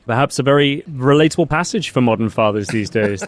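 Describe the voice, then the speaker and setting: A man's voice: medium pitch, expressive, brisk, a little hiss or hum. A man hosting a book podcast, quizzing his guest with a light, laughing manner, recorded outdoors by a street. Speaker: podcast host and interviewer. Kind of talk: casual interview chat.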